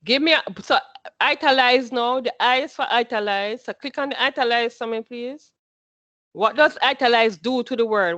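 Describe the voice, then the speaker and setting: A woman's voice: on the high side, normal speed, a bit bright, no room sound, muffled recording. Patient woman teaching a class. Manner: patient, repeats instructions and quizzes students. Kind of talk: classroom instruction.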